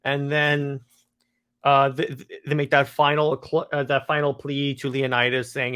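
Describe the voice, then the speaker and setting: A man talks through a comic book in a casual review, clearly excited about it. His delivery is loose and rambling, full of fillers and false starts. His voice sits at an ordinary middle pitch. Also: a little slow. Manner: enthusiastic, loose and rambling, many fillers and restarts.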